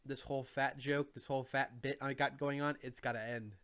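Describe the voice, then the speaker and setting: Bright-voiced joking young man streaming. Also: medium pitch, level tone, fairly quick. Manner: joking, swears freely, thanks donors. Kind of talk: casual chat.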